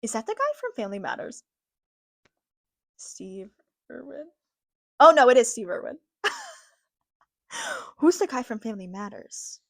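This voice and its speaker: A woman's voice: on the high side, huge pitch swings, unhurried, gravelly, long pauses, no echo, clean studio sound. A young adult woman hosting a podcast, ranting candidly, swearing freely, laughing and talking straight to her viewers. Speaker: podcast host. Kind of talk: casual opinion rant.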